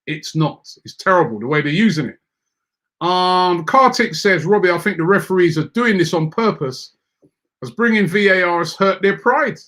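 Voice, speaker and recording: A man hosts a football fan show and reads out viewer comments. He rants in an animated, exasperated way, stumbling over repeated words as he gets worked up. His voice sits a little higher than most men's. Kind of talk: animated casual rant.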